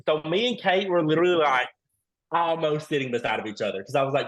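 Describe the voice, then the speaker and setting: Animated man telling a story. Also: on the high side, quick pace. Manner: animated storyteller, acts out quoted dialogue. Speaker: reality show contestant, guest. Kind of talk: casual podcast chat.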